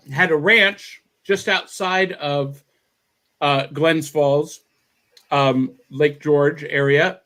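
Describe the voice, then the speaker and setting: A man hosts a casual morning podcast over a video call. His voice is high for a man, and he sounds upbeat and excitable. He often says the same phrase twice as he talks. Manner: upbeat and excitable, repeats himself. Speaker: podcast host. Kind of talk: casual chat.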